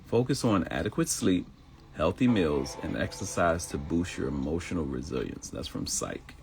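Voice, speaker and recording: A man hosts a live self-help show, preaching with lively swings in his speech. His voice sits very low with a gravelly edge. Faint music plays behind him. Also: moderate pace, slight background noise. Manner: animated preacher-like, switching into mock voices for quotes. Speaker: host.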